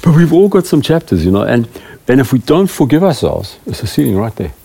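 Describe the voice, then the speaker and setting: A man's voice: mid-range voice, very animated, a little fast, vocal fry, warm tone, breathy edge. A middle-aged man, a preaching elder, giving a rambling, self-deprecating talk to a small group of church leaders. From South Africa.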